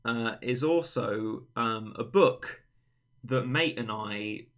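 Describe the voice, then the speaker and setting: A man's voice: mid-range voice, slow pace, a bit bright. A young man hosting a casual livestream chat, rambling and teasing his friend in a playful way. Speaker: livestream host.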